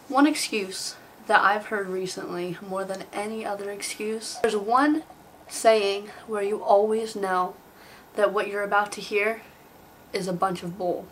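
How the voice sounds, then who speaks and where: A woman's voice: medium pitch, a little hiss or hum, rough recording. A young woman making a comedic vlog, playfully telling stories and acting out silly excuses. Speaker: vlogger.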